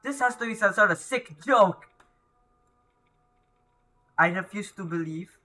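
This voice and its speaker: A man doing horror let's-play commentary, jumpy, yelling and pleading at the ghost on screen. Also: high-pitched, lively intonation, measured pace. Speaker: gaming YouTuber.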